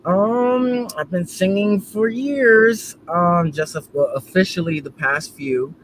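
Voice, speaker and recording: A man guesting as a gospel singer, goofy and animated, full of fillers. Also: high voice, slow pace, a little hiss or hum, poor audio. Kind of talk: casual interview chat.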